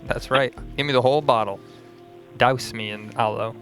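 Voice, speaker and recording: A man's voice: mid-range voice, fairly even intonation, normal speed, fairly bright tone, faint music behind. Mock-earnest man co-hosting a comedy call-in. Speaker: co-host. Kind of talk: comic improv call-in.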